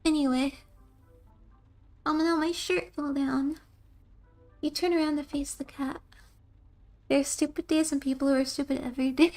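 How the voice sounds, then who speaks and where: A woman's voice: high-pitched, fairly even intonation, a little slow, long pauses, darkish tone. A young woman streamer who reads game text aloud and tells rambling stories between lines, laughing often. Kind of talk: casual game commentary and reading.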